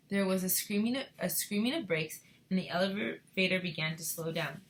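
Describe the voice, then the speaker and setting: A woman teacher reading a chapter book aloud to a class in an expressive way and then talking it through. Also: fairly low pitch, moderate pace, hardly any pauses.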